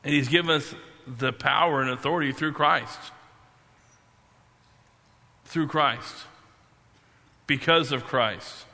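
A man preaching a sermon, halting and repeating himself, then slowing down to stress key words. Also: medium pitch, bright, forceful tone. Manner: halting, repeats and restarts phrases. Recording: long hall reverb.

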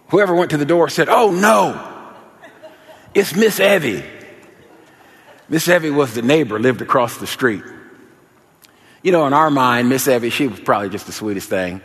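A man preaching a sermon, telling a childhood story in an animated, folksy way before listing scripture references. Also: medium pitch. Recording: long hall reverb.

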